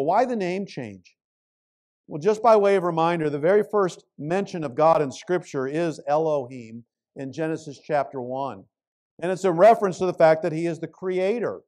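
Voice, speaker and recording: A male pastor preaching a sermon in an earnest voice that swells and falls to a hush. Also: fairly high pitch. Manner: impassioned pleading prayer.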